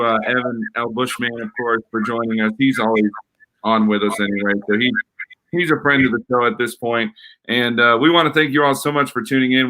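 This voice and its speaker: Male podcast host, bright, crisp tone, upbeat sign-off delivery. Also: medium pitch, low-quality recording. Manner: upbeat, thanks listeners and plugs the show. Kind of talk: casual chat, show sign-off.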